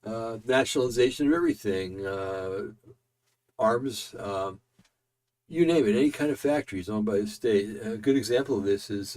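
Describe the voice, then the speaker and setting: A man's voice: lowish voice, darkish tone. A man hosting casual political commentary, tired and yawning, rambling with many fillers and restarts.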